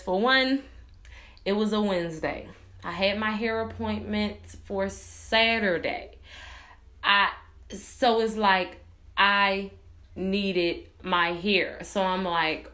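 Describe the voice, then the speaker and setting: A woman's voice: medium pitch, a little slow. A young woman casually telling a story to viewers, acting out both sides of a phone argument, swearing freely and calling her listeners y'all. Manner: animated retelling, acts out both sides of a phone call.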